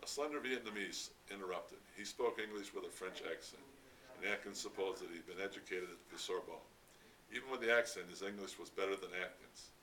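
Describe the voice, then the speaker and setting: A man reading a novel aloud at a library event, steady with occasional stumbles. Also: deep voice, a little fast. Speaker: reader at a library read-out. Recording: distant mic, faint background noise.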